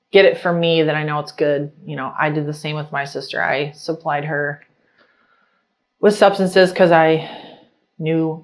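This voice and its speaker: In a deep voice, a young woman interviewee recounts her own story in an easygoing, lively way, acting out scenes and peppering her talk with fillers.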